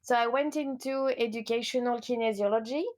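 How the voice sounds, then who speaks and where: A woman in her thirties with a French accent, speaking as an interview guest, earnest and upbeat, with frequent pauses and fillers. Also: fairly high pitch, fairly even intonation, darkish tone. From France. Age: 30s. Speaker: guest, educational kinesiology coach. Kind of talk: casual interview conversation.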